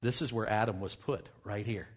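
A man's voice: on the low side, normal speed, breathy edge. Man telling a dramatic story. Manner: dramatic storyteller, drops to hushed tones for quoted exchanges. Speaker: speaker presenting travel findings. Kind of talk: storytelling talk with slides.

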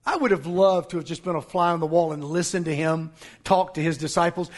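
A man preaching a sermon as pastor, emphatic and scornful, breaking into shouts. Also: fairly high pitch, brisk.

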